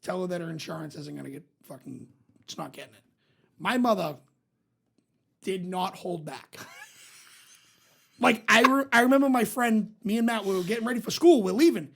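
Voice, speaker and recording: Male podcast co-host, gravelly and husky, casual and profane, animated storyteller. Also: sits high, normal speed, long pauses. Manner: profane, animated storyteller who acts out voices. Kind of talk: casual chat.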